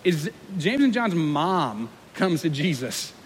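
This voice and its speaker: A young man preaching a sermon as pastor, in a conversational, self-deprecating way, with lively acted-out quotes. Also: fairly high pitch, slow. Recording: long hall reverb with faint room noise.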